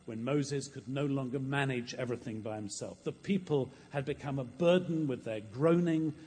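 A man's voice: medium pitch, moderate pace, darkish tone, long reverb tail, a little hiss or hum. A man preaching a sermon in a church, earnest and storytelling, often repeating words as he goes.

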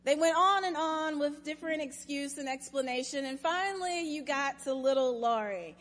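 A woman pastor giving a sermon, telling a story in a measured, expressive way, in a church sanctuary. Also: high voice, long reverb tail.

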